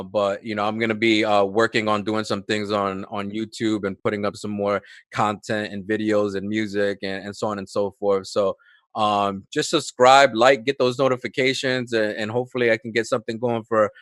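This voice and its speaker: A man's voice: fairly low pitch, level tone, moderate pace, no room sound. Fervent man preaching off the cuff. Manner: fervent, building to loud emphatic peaks. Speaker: podcast guest, youth minister. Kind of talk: impromptu preaching, casual chat.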